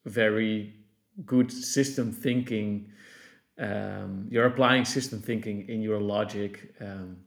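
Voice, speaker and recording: A man's voice: on the low side, steady tone, slow pace, gravelly. A man hosting a podcast interview, speaking in a reflective, appreciative way as he sums up the talk. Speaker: podcast host. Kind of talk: conversational interview.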